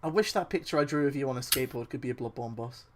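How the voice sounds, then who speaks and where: A young man talks into a headset while he plays, needling his friend with sarcasm and loose swearing. His voice is mid-pitched, and a faint hiss runs under it. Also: very fast. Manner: sarcastic, teasing, swears a lot. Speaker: gamer streaming play. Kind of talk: casual voice-chat banter while gaming.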